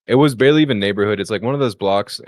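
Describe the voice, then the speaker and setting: A man co-hosting a comedy podcast who tells casual stories and acts out the people in them. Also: very fast. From Philadelphia area. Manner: chatty, acts out the people in his stories in a higher voice. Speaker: podcast co-host.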